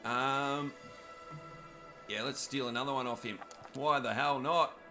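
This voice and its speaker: A man's voice: medium pitch, steady tone, a little slow, music in the background. An Australian man giving cheeky live commentary on a video game while joking with viewers by name. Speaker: gaming commentator.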